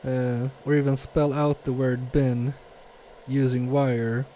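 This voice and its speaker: A man talks unhurriedly in a mellow, darker tone while he solders and chats on a live stream. He reads viewer comments aloud, mutters to himself and pokes fun at his own mistakes. A faint hiss sits under his voice at his home workbench. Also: mid-range voice, little pitch movement, slow pace. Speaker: live-stream repair technician.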